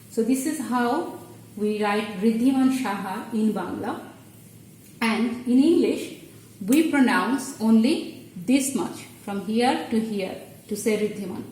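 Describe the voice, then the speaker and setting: Lady teaching letters, patient step by step, kinda high voice, far off the mic in a real echoey room. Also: a little mellow, slight background noise. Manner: patient, explains step by step, halting restarts. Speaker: Bengali language teacher. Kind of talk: explaining at a board.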